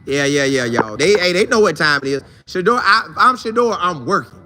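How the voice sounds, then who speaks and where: A man hosting a casual sports talk live stream, shouting out viewers by name in loose, slangy, animated talk. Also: a little high, normal speed, background noise.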